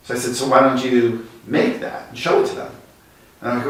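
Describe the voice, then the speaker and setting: A man speaking as a guest design executive, telling lively workplace anecdotes that speed up in quick bursts. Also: mid-range voice. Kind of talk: conversational storytelling. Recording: very echoey room, distant mic.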